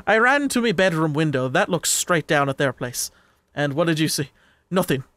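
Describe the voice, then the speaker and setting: A man's voice: on the high side, animated, fairly quick, fairly bright tone, no echo. A man reading a chatty whiskey-loving old neighbor. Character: older male neighbor, whiskey-drinking, chatty and rambling.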